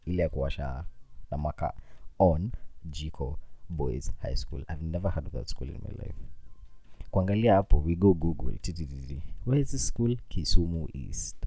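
A young Kenyan man with a Kenyan accent tells a funny personal story in a loose, animated way, slipping in Swahili phrases. His voice sits very low and sounds mellow. The sound is dry and close. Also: no echo. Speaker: vlogger. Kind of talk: casual storytelling.

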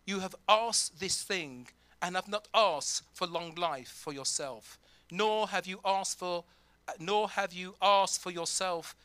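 Pastor guy preaching slow, bright tone, dry close sound, acts out little prayers. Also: sits high, no echo. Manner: animated preaching, acting out imagined prayers, fillers. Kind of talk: sermon. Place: church.

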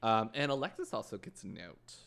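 Gravelly man telling lively show stories. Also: fairly low pitch, fairly quick. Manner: joking, animated storytelling. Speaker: podcast co-host. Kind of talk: casual chat recapping a TV show.

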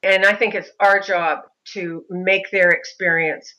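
A middle-aged woman, a mother of a son with a disability, telling her story in an interview in an animated way. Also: mid-range voice, a little slow, muffled recording. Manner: animated, mimics other voices in anecdotes.

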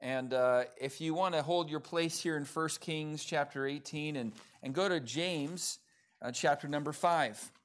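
At a church in Oklahoma, a pastor with a fairly high voice preaches unhurriedly during a service. He talks conversationally, with many fillers and restarts, and describes himself as sarcastic.

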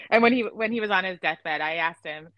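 A woman from Illinois hosting a casual podcast chat, chatty and quick to laugh, with lots of fillers. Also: medium pitch, pushed and bright, no echo, low-quality recording. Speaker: podcast host.

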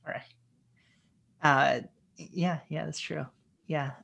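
A man with a husky, slightly breathy voice, chatting casually about movies. He talks haltingly, circling back with fillers and restarts as he works out his thoughts. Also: a little high, fairly even intonation, sharp tone. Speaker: podcast co-host. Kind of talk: casual film discussion.

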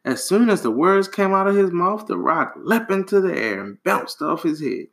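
A man reading a folktale aloud to a child, animated and relaxed, with casual asides. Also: high voice, moderate pace, few pauses. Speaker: storyteller.

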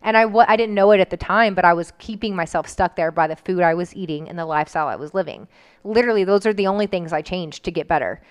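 A woman's voice: fairly low pitch, fast, clear, resonant tone. A woman telling a personal story in casual chat, candid and emotional, with frequent "like" fillers.

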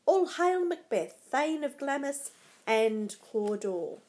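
A woman's voice: sits high, sing-song, slow, darkish tone, heavily acted. A woman voicing a male royal herald who announces news in a formal, ceremonious way. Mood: proclaiming.

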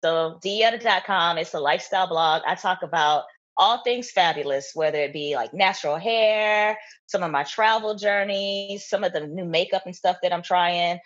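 A young woman chatting casually as an interview guest, laughing often and talking in an animated way. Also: lowish voice, moderate pace, muffled recording. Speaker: guest, content creator.

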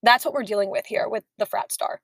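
A young woman co-hosting a podcast, telling stories in a chatty, animated way. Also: medium pitch, a little fast, creaky, breathy edge, dry recording. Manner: chatty, storytelling, animated asides. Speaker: podcast co-host. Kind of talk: casual chat.

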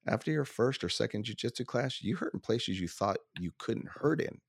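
A man's voice: medium pitch, lively intonation, moderate pace, creaky, husky, no room sound, clean studio sound. A man hosting a podcast in a laid-back, casual way, peppering his talk with slang like "man" and "dude". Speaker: podcast host, gym owner. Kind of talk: casual interview chat.

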